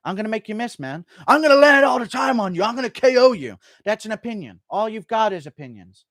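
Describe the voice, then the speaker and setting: A man putting on a cocky male fighter who taunts and needles his opponent. The voice is pitched a bit high and swings widely as it mocks, and the sound is dry and close. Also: animated, fast talker, dry recording. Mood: boastful. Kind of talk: impression.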